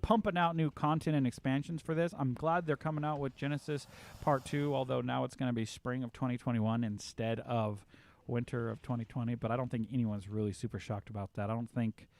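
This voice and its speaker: A man's voice: mid-range voice, steady tone, a little fast, a little mellow. A man streaming and chatting casually, with a mid-range voice that rambles on, full of ums and restarts as he works his way through a thought. He talks like someone half-focused on the game and half on the chat. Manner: rambling, lots of fillers and restarts.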